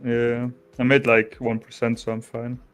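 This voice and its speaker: A man's voice: mid-range voice, moderate pace, soft background music. German-accented young man, casual trader talk. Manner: relaxed, restarts often, says "bro" and "you know". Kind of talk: casual chat.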